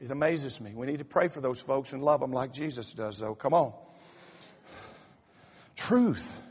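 A man's voice: medium pitch, a little fast, a little mellow, slightly rough. A male pastor preaching a humorous sermon in a folksy way, rallying the congregation with lots of "uh"s. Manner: folksy, rallies the congregation, stutters in repeated "uh". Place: church sanctuary. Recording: church sound with long reverb.

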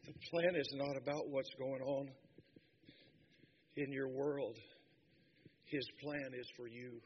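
A man preaching a sermon with passion, dropping to a hush and then building to shouts. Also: medium pitch, steady tone, slow pace, lo-fi sound, a little hiss or hum. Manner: impassioned, swinging from hushed to shouting.

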